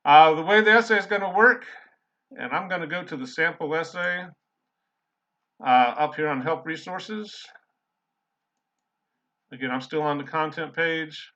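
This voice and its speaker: A man's voice: on the high side, sharp tone. A middle-aged man, a college English instructor giving a casual, rambling recorded lecture full of fillers. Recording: slightly dull lo-fi audio.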